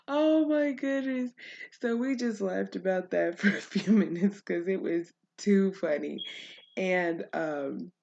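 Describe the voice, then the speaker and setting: A woman's voice: mid-range voice, takes it slowly, vocal fry, darkish tone, lo-fi sound. A woman podcast host, telling a story in a chatty way, laughing often and using many fillers. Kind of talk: casual storytelling monologue.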